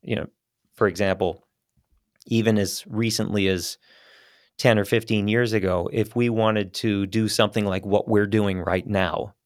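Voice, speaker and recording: Low-voiced man talking shop. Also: a little slow, no room sound, clean studio sound. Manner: relaxed, rambling, chatty. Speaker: voice actor guest. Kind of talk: casual interview chat. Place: small studio. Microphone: studio microphone.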